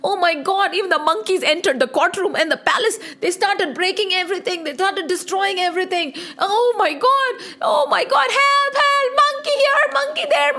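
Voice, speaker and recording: A woman voicing shrieking panicked townsfolk. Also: heavily acted. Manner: shrill frantic shouting. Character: panicked townsfolk crying for help.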